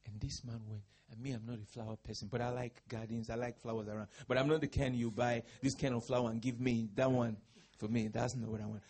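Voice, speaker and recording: Raspy, gravelly man preaching. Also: medium pitch, steady tone, brisk. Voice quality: raspy, husky. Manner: dramatic, swings from hush to shouting. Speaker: pastor. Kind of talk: sermon.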